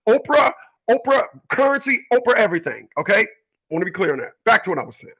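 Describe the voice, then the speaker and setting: A man's voice: high voice, sing-song, fast, a bit bright, breathy edge, poor audio. A man hosting his own channel, talking in a rambling, preachy and confrontational monologue full of restarts. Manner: rambling, repeats and restarts, argues with imagined people. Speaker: channel host giving opinions. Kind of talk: casual monologue.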